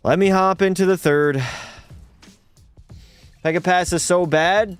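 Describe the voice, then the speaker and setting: A man's voice: high voice, fairly even intonation, slow pace, clear, resonant tone, faint music behind. A young man streaming a hockey video game, commenting live and talking to his chat while ranting in frustration and swearing at the game. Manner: talks to chat.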